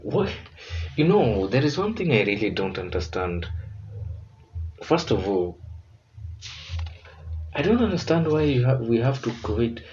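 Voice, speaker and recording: A man from Africa hosting a reaction video, giving earnest, measured commentary and thinking aloud as he goes. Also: mid-range voice, big pitch swings, darkish tone, muffled recording, a little hiss or hum.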